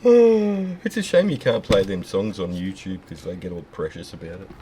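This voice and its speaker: A man's voice: low-pitched, animated, moderate pace, mellow, slight background noise. A man, hosting a fluid art video and trading jokes and teasing banter with a friend while painting. He is hot and tired, and laughs often. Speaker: fluid art channel host.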